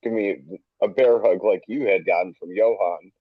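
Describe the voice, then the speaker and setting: Man, low voice, husky, laid-back podcast host, dry close sound. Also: normal speed, dry recording, phone-quality sound. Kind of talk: casual chat.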